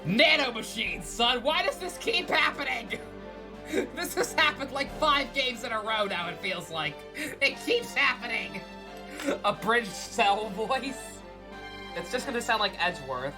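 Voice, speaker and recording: A woman's voice: on the high side, animated, a little slow, music in the background. A woman streaming a video game, chatting casually, swearing, giggling and mocking her own character voices. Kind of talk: casual let's-play commentary.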